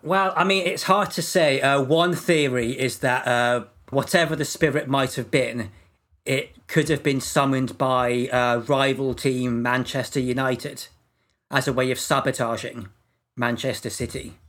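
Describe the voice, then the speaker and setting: A man co-hosting a comedy podcast, telling odd facts in a dry, deadpan way. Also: mid-range voice, a little slow. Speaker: podcast co-host presenting facts. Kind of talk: casual comedic podcast chat.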